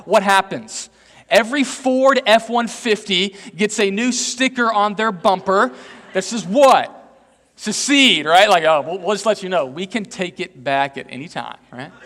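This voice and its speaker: Recorded in an echoey church hall, a male pastor from Texas gives a conversational sermon that pokes fun at himself, often asking the congregation "right?" His voice is high-pitched and a bit bright.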